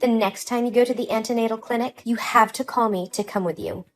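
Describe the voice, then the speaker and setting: Woman voicing a spiteful young sister-in-law, high sharp voice, scornful, accusing, dramatized story. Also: a little fast, soft background music, natural voice. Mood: dismissive.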